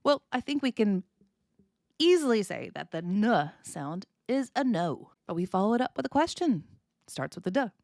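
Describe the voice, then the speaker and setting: American woman explaining speech, lively pitch. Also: moderate pace, dry recording, studio quality. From United States. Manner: clear, explanatory, demonstrates sounds with exaggerated intonation. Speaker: English teacher, podcast host. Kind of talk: podcast lesson.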